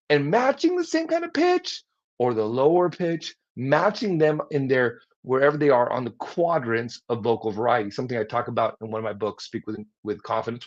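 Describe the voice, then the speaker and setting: A man coaching on public speaking during a livestream, lively, acting out example replies as he teaches. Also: mid-range voice, brisk. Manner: energetic, demonstrates tones and acts out example replies. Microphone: livestream mic. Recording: slightly dull lo-fi audio.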